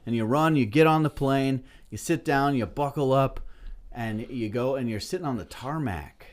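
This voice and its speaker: A man co-hosting a casual comedy podcast, spinning an animated story with lots of swearing. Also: medium pitch, moderate pace. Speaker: podcast co-host.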